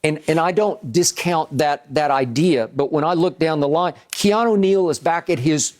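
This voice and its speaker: A man's voice: a little high, normal speed, a little mellow. An older man hosting a sports debate show, making emphatic points and repeating phrases for stress.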